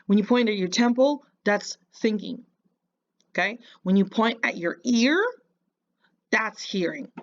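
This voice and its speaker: A woman's voice: mid-range voice, a little slow, pauses often, dull audio. A woman giving casual reaction commentary, mocking and lecturing the person in a clip.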